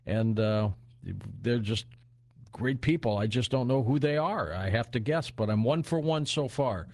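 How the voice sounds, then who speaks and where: A male late-night radio talk show host, speaking relaxed and conversational. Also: mid-range voice, unhurried, no echo, studio quality.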